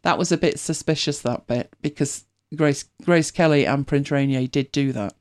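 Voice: mid-range voice, normal speed. Chatty British host, rambling. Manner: chatty and rambling, with many restarts. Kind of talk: casual chat.

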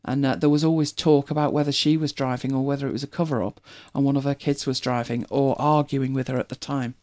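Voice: medium pitch, steady tone, fast, darkish tone. A host with a British accent, chatting casually and rambling with many restarts. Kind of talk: casual chat.

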